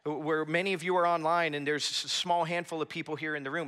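Man, pastor, sermon, bright voice, earnest conversational preaching, small church room. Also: fairly high pitch, quick pace, hardly any pauses. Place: church hall with a small audience.

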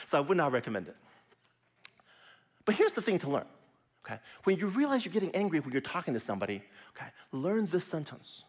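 A middle-aged pastor preaches in a chatty, animated voice that leaps around in pitch and sits a little high for a man. He lets key words drop into a hushed near-whisper. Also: a little fast, long pauses, husky. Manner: lively, conversational preaching with sudden soft drops. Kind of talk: sermon.

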